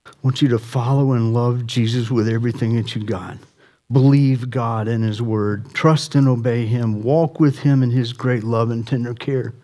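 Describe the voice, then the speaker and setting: A man preaching a sermon as pastor, swinging from impassioned, near-shouted appeals to soft, quiet pleading. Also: mid-range voice, steady tone, normal speed.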